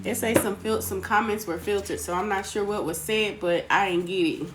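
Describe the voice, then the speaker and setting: A woman chats through a live tarot reading stream, greeting viewers by name. Her voice sits at an ordinary middle pitch. The home recording carries clear background noise. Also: steady tone, normal speed. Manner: chatty, greets viewers by name, calls them sweetheart. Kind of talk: casual live-stream chat.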